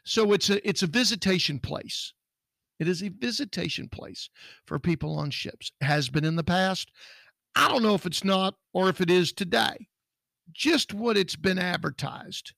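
A man's voice: sits high, normal speed, creaky, fairly bright tone, no room sound. A man from Texas co-hosting a podcast, talking bluntly and indignantly in casual chat. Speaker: podcast co-host, security business owner.

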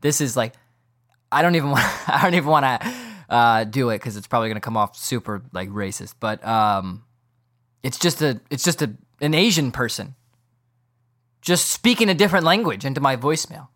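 A man hosts a laid-back sports podcast, talking in an animated, rambling rush of thoughts. His pitch sits in an ordinary middle range for a man, and he swings from mumbling asides to incredulous outbursts. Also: a little fast. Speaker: podcast host. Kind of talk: casual podcast rant.

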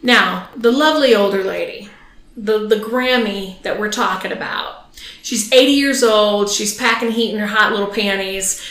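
A woman's voice: medium pitch, normal speed, fairly bright tone. A woman hosting a podcast, telling a bawdy story in casual chat and laughing as she goes. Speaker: podcast host. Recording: roomy echo.

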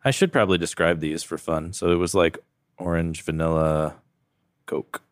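A deep-voiced man co-hosts a laid-back podcast, joking while he sips and rates whiskey. His voice sits low, and the sound is dry and close to the mic. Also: normal speed, no echo. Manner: relaxed, joking, rating whiskey aloud. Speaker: podcast co-host. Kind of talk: casual chat.

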